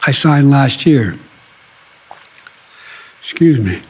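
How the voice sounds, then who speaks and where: A hoarse man in his eighties gives public remarks, stopping again and again to cough and clear his throat. He talks slowly, and his pitch swings widely. The clips carry a clear layer of background noise. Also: expressive. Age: 80s. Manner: coughs and clears his throat often, apologizing between phrases. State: hoarse, with a cold. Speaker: politician.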